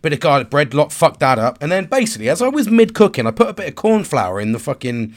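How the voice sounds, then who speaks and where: A man's voice: a little high, big pitch swings, fast. A man, stressed and tired, talking frankly to the camera in a rambling, sweary confessional monologue. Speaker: vlogger and father.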